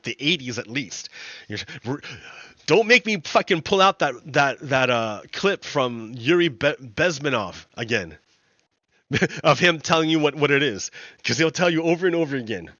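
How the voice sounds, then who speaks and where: A man's voice: on the high side, sharp tone, dry recording, dull audio. A man streaming a game while talking casually, rambling, repeating himself and laughing as he goes. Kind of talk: casual livestream commentary.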